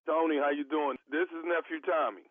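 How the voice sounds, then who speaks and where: Prank-calling radio host, somewhat high voice, hesitant and stammering, dry phone sound. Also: male voice, steady tone, fairly quick, dry recording. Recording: tinny phone line.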